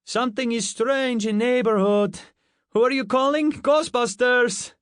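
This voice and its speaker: A blustering, bawdy Russian man with a thick Russian accent and broken English, as a male narrator puts him on. The voice sits higher and pushes louder than the reader's own. Dry, close studio sound. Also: lively intonation, slow pace, no room sound. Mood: singing off-key. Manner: heavy accent, dropped articles, bawdy.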